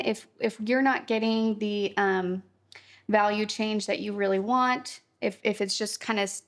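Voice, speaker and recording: Young woman art teacher, chatty and chill, lots of vocal fry. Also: mid-range voice. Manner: chatty, upbeat, reassuring, lots of fillers like "kinda". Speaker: watercolor painting teacher. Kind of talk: casual instructional painting tutorial.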